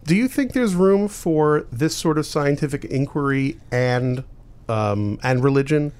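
Halting male interviewer. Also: on the high side, darkish tone, clear, resonant tone. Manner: halting, hesitant questions. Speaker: interviewer, host. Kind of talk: casual interview.

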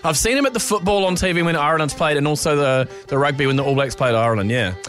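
A man's voice: on the high side, fast talker, a bit bright, soft background music. A man from New co-hosting a radio show, jokey and laughing easily. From New Zealand. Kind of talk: casual radio banter.

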